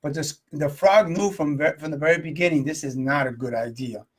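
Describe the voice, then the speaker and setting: Man, live stream host, casual motivational talk, rambling, questions to viewers, slightly high voice. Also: brisk, slightly rough. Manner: rambling, repeats himself, asks viewers questions.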